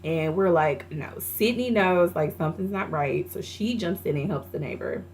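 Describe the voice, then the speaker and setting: Brief: young woman, low gravelly voice, chatty movie-review vlog with filler words, faint hiss underneath. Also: normal speed, a little mellow. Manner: chatty, laughing retelling of scenes with many fillers. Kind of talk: casual spoken movie review.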